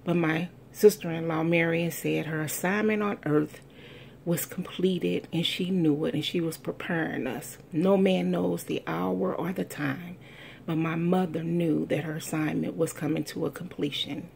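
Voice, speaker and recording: A middle-aged woman from the United States giving an earnest, heartfelt testimony, telling a family story with slow, deliberate emphasis. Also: sits low, fairly even intonation, vocal fry, a little mellow, a little hiss or hum. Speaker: speaker sharing a personal testimony.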